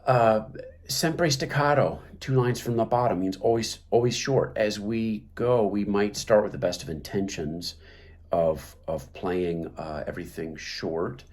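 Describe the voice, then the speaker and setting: Low-voiced guy explaining clarinet stuff, lots of ums and restarts. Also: unhurried, a little mellow. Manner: hesitant, many fillers and restarts. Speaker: clarinet teacher. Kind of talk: instructional talk.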